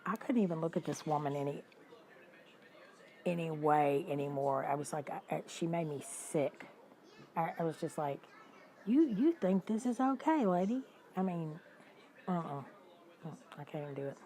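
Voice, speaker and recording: A woman, hosting a livestream and telling stories in an animated, indignant way while talking to her viewers. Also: low voice, normal speed, pauses often, poor audio. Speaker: livestream host. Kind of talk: casual storytelling to live chat.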